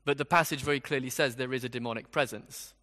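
Bright-voiced male preacher in a reverberant hall. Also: mid-range voice, steady tone, quick pace. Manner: expository, conversational, with rhetorical questions. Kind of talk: sermon.

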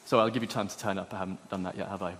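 A man's voice: low-pitched, fairly even intonation, racing, fairly bright tone. Man preaching in an echoey hall. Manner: earnest, emphatic, with repeated phrases. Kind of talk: sermon.

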